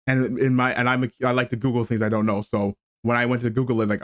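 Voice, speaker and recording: Game streamer, male, mid-pitched, ranting casually with restarts; dry mic, soft music bed. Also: fast talker, no echo. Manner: animated ranting, stammering restarts.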